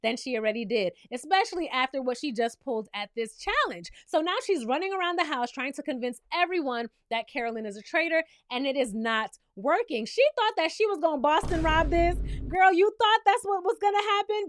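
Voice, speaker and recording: High-voiced sassy woman recapping TV. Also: dry recording, studio quality. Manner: sassy, animated, talks straight to the viewer. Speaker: reality TV recap host. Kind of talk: recap and review commentary.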